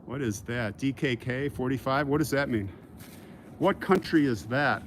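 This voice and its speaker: A man's voice: mid-range voice, normal speed, fairly bright tone, a little hiss or hum. A man from Kansas hosting a casual livestream while walking outdoors through a cemetery. He rambles into a joking rant and breaks off mid-sentence to thank donors. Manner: laughing mock rant. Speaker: livestream host.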